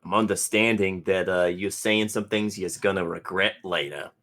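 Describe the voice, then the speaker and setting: A man voicing a loud, brash male mechanic with a wrench for a hand, talking over everyone in a tabletop game. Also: steady tone, normal speed. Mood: taunting. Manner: booming, pushy, talks loud on purpose.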